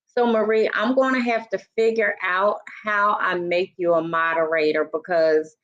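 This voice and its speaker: An older woman hosting a casual livestream, greeting viewers by name in a chatty way, her voice a little froggy and hoarse. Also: fairly low pitch, fairly even intonation, moderate pace, fairly bright tone. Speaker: livestream host. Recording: dull lo-fi livestream audio.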